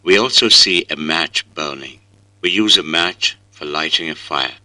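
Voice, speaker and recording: Very deep, bright-toned male reader. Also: unhurried, no echo, low-quality recording. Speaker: recorded reader. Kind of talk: scripted reading exercise.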